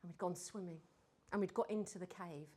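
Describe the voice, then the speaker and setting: A woman giving a lively talk on storytelling to a group, acting out her stories and sometimes dropping to a whisper for suspense. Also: lowish voice, brisk, slightly rough. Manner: animated, mimics accents, drops to whispers for suspense. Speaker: speaker on storytelling.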